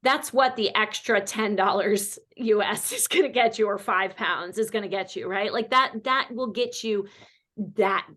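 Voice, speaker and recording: A woman from North Carolina hosts an online wine class, talking casually and warmly to her patrons. She rambles a little, full of fillers and asides. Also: medium pitch, measured pace. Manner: chatty, animated, many fillers. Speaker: host. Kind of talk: casual chat.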